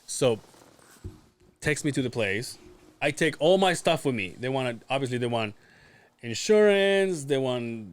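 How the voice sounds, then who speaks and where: A man's voice: mid-range voice, expressive, measured pace, pauses often. A man co-hosting a podcast, telling a story casually, swearing often and acting out what people said. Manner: swears often, acts out quoted voices. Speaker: podcast co-host.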